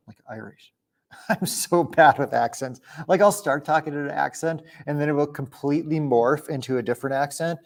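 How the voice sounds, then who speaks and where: A young man from Minnesota hosting a casual livestream Q&A, chatty and quick to laugh. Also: a little high. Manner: chatty, laughs often, restarts sentences. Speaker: livestream host. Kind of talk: casual live Q&A. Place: home, indoors.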